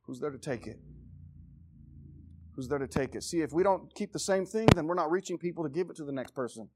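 Impassioned preaching man, higher voice. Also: animated, brisk, background noise. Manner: impassioned, swings between loud exhortation and low intensity; repeats phrases for emphasis. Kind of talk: sermon.

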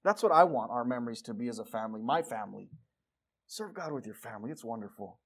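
A middle-aged man preaching a sermon in a church, emphatic and exhorting, with lively stories and asides. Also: mid-range voice, fast, husky. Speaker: pastor. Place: church sanctuary.

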